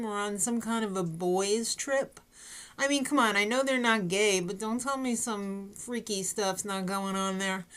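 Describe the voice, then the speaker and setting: A woman chatting casually through a TV show recap, with sarcastic asides and plenty of fillers. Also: on the high side. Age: adult parent. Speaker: recap vlogger.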